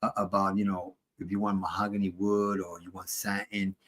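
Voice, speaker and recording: A man co-hosting a podcast, chiming in with a casual, halting point and repeating words as he starts. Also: sits low, little pitch movement, a bit bright. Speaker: podcast co-host. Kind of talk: casual chat.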